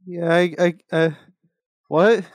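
Slow, hesitant man at a game table. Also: sits high, flat delivery, dry recording. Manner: hesitant, stammering. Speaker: player. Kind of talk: tabletop role-play.

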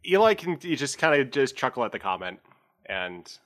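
A man's voice: mid-range voice, sing-song, normal speed, fairly bright tone. A man running a tabletop game as game master, narrating with a rambling, filler-heavy manner.

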